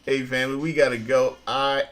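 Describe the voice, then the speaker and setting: A middle-aged man co-hosting a casual live-stream chat, folksy and quick to laugh, often addressing his listeners as family. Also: mid-range voice, little pitch movement, fairly bright tone. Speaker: co-host.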